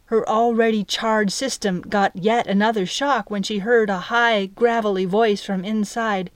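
A woman giving a scripted audiobook narration of a story, in an even, measured way. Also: mid-range voice, no room sound.

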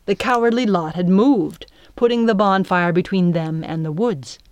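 A woman narrating an adventure storybook in a measured, expressive reading voice. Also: medium pitch, no room sound. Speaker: audiobook narrator.

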